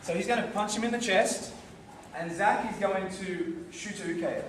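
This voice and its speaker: A man coaching a karate class in a big hall, his slightly higher voice ringing with echo. He calls out counts and drills the room in call-and-response, heard from across the space over steady background noise. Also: moderate pace. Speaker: karate instructor. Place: large training hall. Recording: echoey hall from far off, noisy.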